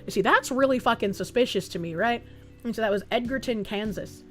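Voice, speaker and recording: A woman streamer chatting casually with her viewers, swearing freely and thinking out loud as she reads their messages. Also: a little high, a little fast, faint music behind. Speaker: live streamer reading chat.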